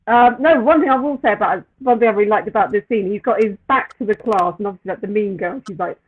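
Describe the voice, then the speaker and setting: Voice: mid-range voice, fast talker, few pauses. Giggly voice on a tinny line. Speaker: podcast co-host. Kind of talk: casual chat.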